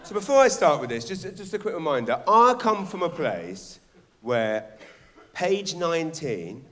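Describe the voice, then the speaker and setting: A man's voice: medium pitch, big pitch swings, measured pace, fairly bright tone. A man doing a stand-up comedy set on a theatre stage, telling stories animatedly, acting out characters and swearing. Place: theatre stage before a live audience. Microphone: stage microphone.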